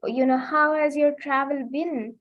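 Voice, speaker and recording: A loving, joyful god welcomes a traveling sage with warmth in a children's story lesson, spoken by a woman. The voice is high and lifted. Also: steady tone, unhurried, no echo, muffled recording. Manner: warm, welcoming.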